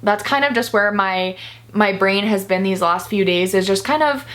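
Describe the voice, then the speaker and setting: A woman's voice: medium pitch, moderate pace, a bit bright. A young woman talking to camera in a candid personal vlog, earnest and confessional, near tears at times. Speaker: vlogger.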